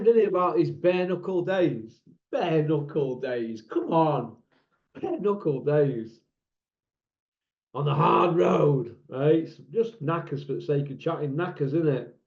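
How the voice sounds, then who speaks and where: A man's voice: a little high, creaky. A man hosting a boxing talk channel, blunt and mocking, asking rhetorical questions in a casual monologue. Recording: echoey room, dull lo-fi sound.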